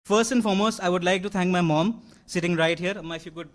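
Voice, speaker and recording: There's slight background noise as a young man, an award-winning graduate, delivers an earnest speech at a large convocation hall. He speaks quickly in a high-pitched voice, with many fillers and restarts.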